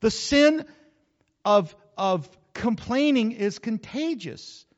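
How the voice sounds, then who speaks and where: A pastor preaching in a high, very animated voice, folksy and full of jokes and asides to his congregation. His voice rings through a large, reverberant sanctuary. The recording sounds slightly muffled. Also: slow pace. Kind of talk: sermon.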